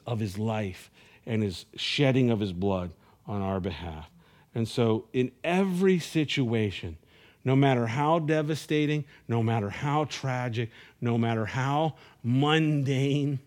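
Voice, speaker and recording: A pastor delivers an earnest sermon in a mid-pitched male voice. He stumbles over repeated words as he builds each point, then lets his phrases sink low and quiet. His pitch sits at an ordinary middle for a man.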